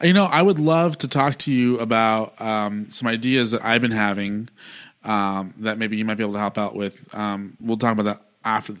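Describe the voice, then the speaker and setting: A man's voice: lowish voice, fairly even intonation, moderate pace, fairly bright tone, clean tone. A man hosting a podcast, talking casually in a rambling, chummy way with many fillers. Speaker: podcast host. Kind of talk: casual interview chat.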